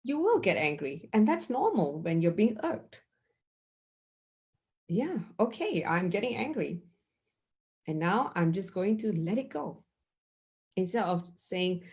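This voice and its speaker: Slow, gentle woman mindfulness teacher. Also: mid-range voice, big pitch swings. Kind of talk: guided mindfulness session.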